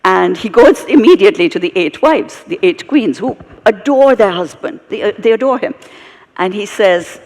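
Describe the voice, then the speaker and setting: Brief: British woman, expressive onstage storyteller, gravelly edge, live hall echo. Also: medium pitch, moderate pace. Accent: British English. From Britain, of Indian heritage. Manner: animated, expressive storytelling with asides. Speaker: storyteller and guest speaker.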